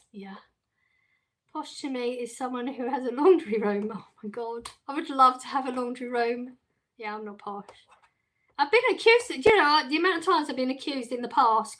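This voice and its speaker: Her voice is a little high with a sharp tone as this middle-aged woman runs a casual livestream. She reads viewers' chat messages out loud, talks with them, and laughs frequently.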